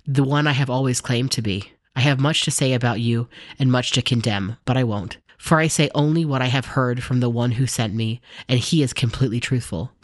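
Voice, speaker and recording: A man voicing a calm, authoritative male teacher, in a steady, earnest scripture reading. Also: medium pitch, brisk, few pauses, dry recording, studio quality, natural voice.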